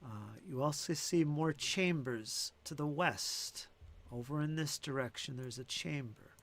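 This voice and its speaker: A man's voice: a little high, measured pace. A man running a tabletop game as game master, thinking aloud with fillers and restarts.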